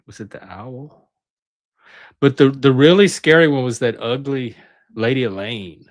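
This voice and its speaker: A man's voice: medium pitch, measured pace. A middle-aged man hosting his channel, reminiscing in a chatty, rambling way that often breaks off mid-sentence. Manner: rambling, self-interrupting, chatty. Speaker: channel host. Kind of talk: casual reminiscing monologue.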